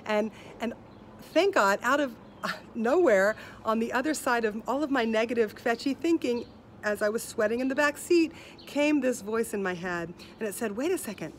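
A woman with a somewhat high voice delivers a heartfelt talk over a video call. Her speech turns rhythmic and rhyming like spoken-word poetry, often sinking softer and quieter. A faint hiss of noise sits behind her. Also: animated, moderate pace. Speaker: speaker at an online festival.

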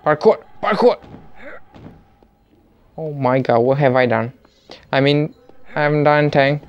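Excitable, jokey male gamer. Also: mid-range voice, moderate pace, clear, resonant tone, highs cut off. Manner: excitable, jokey, panicky outbursts. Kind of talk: let's play commentary.

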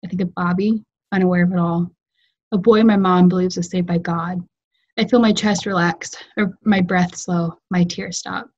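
Woman writer, literary reading, measured storytelling, husky low voice, muffled video-call sound. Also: fairly even intonation, darkish tone. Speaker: fiction writer reading her work.

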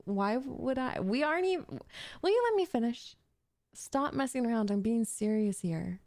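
A woman's voice: fairly high pitch, animated, moderate pace, darkish tone, no room sound, studio quality. A young woman voicing a possessive, jealous gamer girl in an audio role-play, talking in a bossy, defensive, flustered way. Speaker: voice actress.

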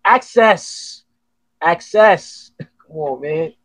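Husky-voiced man hosting a casual podcast. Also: on the high side, brisk, no echo. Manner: profane, animated storytelling. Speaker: podcast host. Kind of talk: casual chat.

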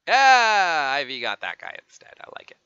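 Streamer, male, gravelly and sharply bright, excitable and swearing, dull lo-fi stream audio. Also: medium pitch, fast talker, no room sound. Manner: excitable, swears, taunts other players. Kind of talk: live gameplay commentary.

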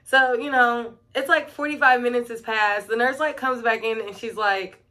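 Young woman, casual vlog storytelling, chatty, lots of "like", bright tense voice. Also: fairly high pitch, steady tone, moderate pace, few pauses. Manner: chatty, fills talk with "like" and "um". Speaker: vlogger and middle-school teacher.

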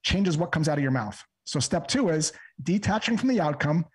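A man, a sales trainer, calmly explaining and role-playing a cold call step by step on a podcast. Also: fairly high pitch, husky. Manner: calm, measured, breaks a method into steps. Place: podcast interview recording.

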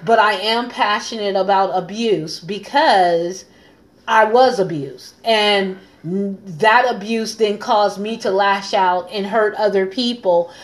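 A woman's voice: mid-range voice, slow. A woman hosting a live stream as a coach and pastor, talking earnestly and repeating phrases for emphasis. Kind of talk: casual live-stream talk.

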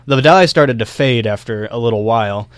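Young man, podcast co-host, smooth clear voice, dry close sound, rambling storyteller. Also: medium pitch, moderate pace, dry recording. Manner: loose, filler-heavy storytelling with laughs. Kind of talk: casual history podcast chat.

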